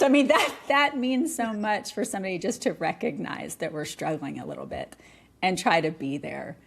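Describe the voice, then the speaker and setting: A middle-aged woman talking candidly on a podcast, animated and often laughing. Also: fairly low pitch, brisk, creaky. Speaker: podcast guest. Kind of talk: conversational podcast talk.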